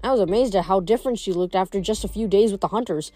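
A woman reading a novel aloud in a steady, plain narrating voice. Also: medium pitch, quick pace. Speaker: audiobook reader.

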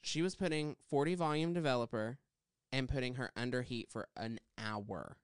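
A man who co-hosts a podcast and works as a hairstylist casually tells a long salon story, chatty and rambling with lots of fillers. His voice is medium-pitched, clear, and resonant at a normal speed, recorded clean in a studio with no room sound.

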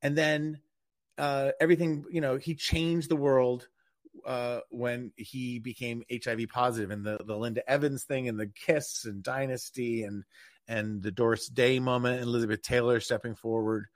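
A man's voice: medium pitch, fairly even intonation, moderate pace. An older man co-hosting a radio talk show, chatting and gossiping in a self-deprecating way. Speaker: podcast co-host. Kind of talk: casual chat.

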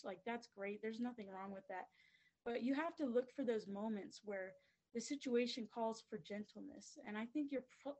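A woman's voice: on the high side, a little mellow, poor audio. A woman who coaches basketball, giving an earnest faith-based motivational talk and repeating phrases for rhythm. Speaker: basketball coach and guest speaker.

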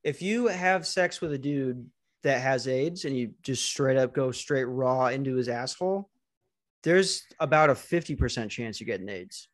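A man hosting a podcast, doing a deadpan mock news anchor routine in casual banter. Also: mid-range voice, normal speed, no room sound, studio quality. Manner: deadpan fake-newscaster delivery. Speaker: podcast host.

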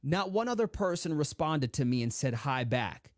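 A man guest on a podcast telling an emotional personal story, earnest and slowing down for emphasis. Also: on the high side, very animated, no echo, clean studio sound.

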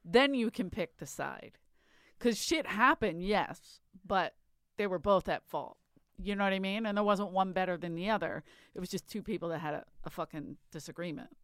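A woman co-hosting a casual podcast chat speaks at a moderate pace in a voice on the low side with a fairly bright tone, with no echo. She's chatty and laughs often while telling a story, trailing off and restarting with frequent asides.

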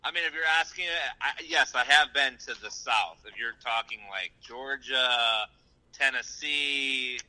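A man's voice: mid-range voice, a little slow, bright, forceful tone, low-quality recording. A young man, a regular on the show, bantering casually in a jokey, playfully defensive way.

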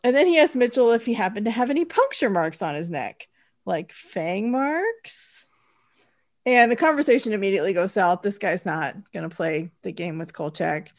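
A woman's voice: medium pitch, lively intonation, brisk, hardly any pauses. A woman co-hosting a podcast, recapping an episode in a wry, chatty storytelling way. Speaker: podcast co-host.

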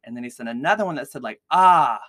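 A man's voice: mid-range voice, animated, racing, a bit bright, no room sound. A man hosting a podcast, casually telling a true-crime story with lots of "like" fillers. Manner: chatty, heavy use of "like" fillers. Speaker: podcast host.

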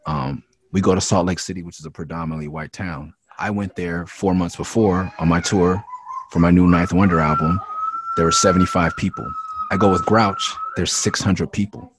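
A man who raps, from the Los Angeles area, talking frankly and with a lot of swearing in a casual interview, and getting louder when he is heated. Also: deep voice, wildly swooping pitch, moderate pace, a little hiss or hum. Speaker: rapper and interview guest. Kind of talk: candid casual interview talk.

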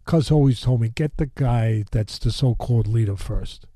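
A man with a medium-pitched, mellow voice tells a story at normal speed as a storytelling guest, loose and rambling, full of fillers and restarts, with blunt street-tough talk. The recording is dry and clean, with studio sound.

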